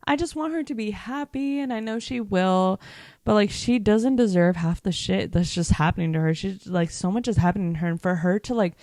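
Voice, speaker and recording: A woman's voice: on the low side, gravelly, darkish tone, dry recording, clean studio sound. A young woman vlogger chatting casually about a TV series, emphatic and full of "like" and swearing. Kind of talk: casual reaction chat.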